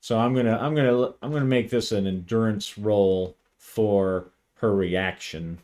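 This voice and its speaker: Slow, deliberate man narrating a solo game. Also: lowish voice, mellow. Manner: thoughtful, hesitant, frequent restarts. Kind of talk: narrating a solo tabletop role-playing session.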